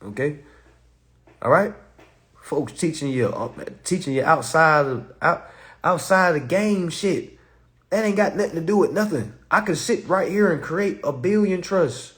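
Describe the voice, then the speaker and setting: A man's voice: on the high side, normal speed, fairly bright tone. A man teaching an online class in a casual, streetwise way, firing off profane rhetorical questions and laughing between points.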